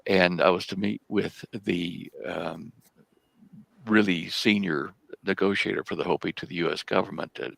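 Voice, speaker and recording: An older man, a guest on a live talk show, telling a long story in a halting way and repeating words as he goes. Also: low-pitched, vocal fry, fairly bright tone, breathy edge, dry recording. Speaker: guest researcher.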